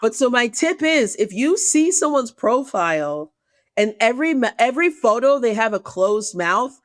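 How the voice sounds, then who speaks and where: A woman comedian telling a dating story on a podcast, profane and animated, acting out the people she quotes. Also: fairly high pitch, moderate pace, dry recording. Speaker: guest comedian.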